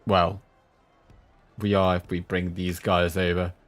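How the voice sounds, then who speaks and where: A man streaming a strategy game, chatting with viewers between sudden excited outbursts. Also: low-pitched, takes it slowly, soft background music. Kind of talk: live gameplay commentary.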